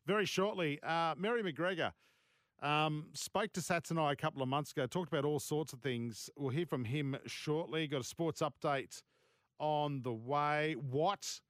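A fairly high-voiced Australian man hosting sports talk radio from a studio. His delivery is blunt and indignant, full of colloquial asides, and the sound is close and dry. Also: normal speed, a bit bright, dry recording. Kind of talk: talk radio opinion segment.

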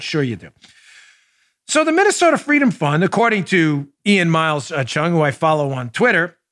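Sarcastic man with a lively voice. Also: sits high, dry recording, studio quality. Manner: sarcastic, mocking, emphatic. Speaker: podcast host, former police officer. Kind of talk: political commentary podcast.

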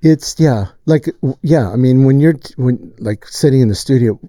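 Man with a very dark, mellow voice. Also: mid-range voice, normal speed, no room sound. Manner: animated storyteller, acts out quotes. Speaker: music producer. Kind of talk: casual storytelling chat.

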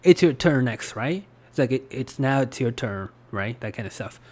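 A man's voice: medium pitch, lively intonation, normal speed, a little mellow. A Japanese man with a Japanese accent hosting a podcast, talking in a loose, rambling way with lots of fillers. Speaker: podcast host. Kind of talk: casual podcast talk.

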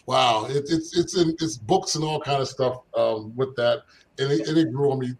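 A man's voice: mid-range voice, moderate pace, poor audio. An older man from Philadelphia, a former basketball player, telling stories from his youth as an interview guest, acting out the voices of the people in them. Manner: animated storyteller, acts out quoted voices, laughs often. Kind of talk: casual storytelling.

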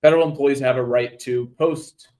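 A man, an attorney appearing as a guest on a radio interview, explains procedure in a measured, explanatory way. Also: medium pitch, steady tone, a little mellow, poor audio.

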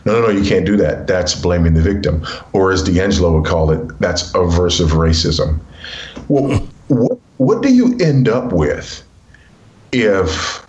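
A middle-aged man from Los Angeles, a guest author telling stories in an earnest, animated way during an interview. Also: lowish voice, dull audio. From South Central Los Angeles, USA. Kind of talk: interview storytelling. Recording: roomy echo.

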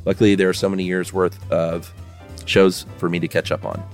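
Chill podcast dude, lower voice, wry little quips, soft music in the background. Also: male voice, little pitch movement, brisk. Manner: laid-back, wry quips. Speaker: podcast co-host. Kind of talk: casual chat and reading listener mail.

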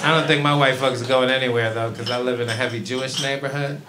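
A man from Brooklyn with a New York accent doing a stand-up comedy set, telling stories animatedly and breaking into loud shouted punchlines. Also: medium pitch, fast talker, a loud crowd. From East New York, Brooklyn. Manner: animated storytelling, shifts into loud shouting punchlines and voiced characters. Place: comedy club stage before a laughing audience. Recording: loud audience noise. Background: audience laughter.

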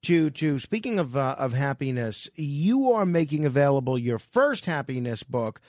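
A man hosting a radio talk show, brisk and upbeat as he runs the interview and calls. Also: mid-range voice, big pitch swings, a little mellow, no room sound, clean studio sound. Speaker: radio host. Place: radio studio. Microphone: studio microphone.

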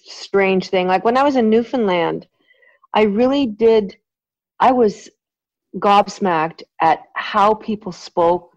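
A Canadian woman with a Western Canadian accent, hosting a podcast in casual, animated chat. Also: mid-range voice, dry recording, highs cut off. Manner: animated, laughing, chatty. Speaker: podcast host.

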